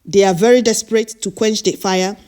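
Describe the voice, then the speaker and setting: A woman's voice: mid-range voice, fairly even intonation, fairly quick, darkish tone. Woman reading the news to her followers, keeps laughing and cutting in with sarcastic remarks. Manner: laughs often, mocking asides. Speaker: online news commentator.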